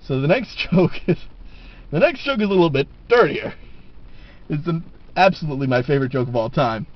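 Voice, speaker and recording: A man's voice: on the high side, brisk, highs cut off. Man telling jokes, laughing at them. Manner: animated, laughs at his own jokes. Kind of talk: casual joke telling to camera.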